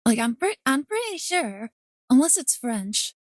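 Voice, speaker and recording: A woman streaming a game, chatting casually in an excitable, rambling way full of fillers. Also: sits high, unhurried, no echo.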